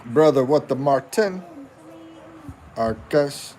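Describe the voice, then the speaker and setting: A man's voice: medium pitch, animated, slow pace, mellow, slight background noise. A man in his fifties from the United States, hosting a casual livestream and joking with viewers as he reads their comments aloud. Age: 50s. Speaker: livestream host.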